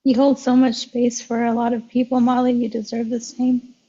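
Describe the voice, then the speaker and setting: Gentle, halting woman guest. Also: fairly high pitch, flat delivery, muffled recording. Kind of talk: heartfelt casual chat.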